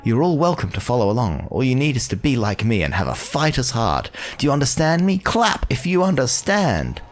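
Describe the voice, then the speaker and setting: A man's voice: medium pitch, very animated, brisk, soft background music, voice pushed up, close to an everyday voice. A man voicing a young woman who boastfully rallies a crowd. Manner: boastful, rousing speech. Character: young cheerful female game-tile fan.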